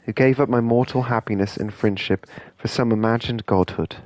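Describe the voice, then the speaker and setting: A man doing a poor impression of an earnest wizard reading a farewell letter, with a halting, stumbling reading. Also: mid-range voice, fairly even intonation, darkish tone, dry recording, natural voice. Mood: solemn.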